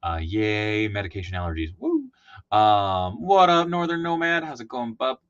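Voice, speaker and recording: A man hosting a toy livestream, talking fast and wired, rambling and greeting chat by name. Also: medium pitch. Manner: hyped, rambling, shouting out chat names. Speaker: host. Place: home basement room. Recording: dull lo-fi stream audio.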